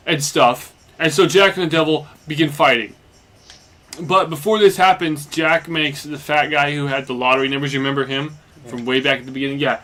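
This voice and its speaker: A man's voice: a little high, unhurried, a bit bright. A young man casually recapping a story while playing a game, rambling along with lots of fillers. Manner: loose and meandering, heavy on fillers like "basically" and "like". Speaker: let's play commentator.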